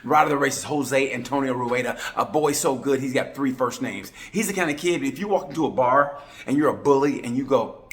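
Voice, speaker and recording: A man from Oklahoma with an Oklahoma accent, giving a rambling, jokey race review with sudden loud bursts. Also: mid-range voice, a little fast. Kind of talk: comedic sports commentary.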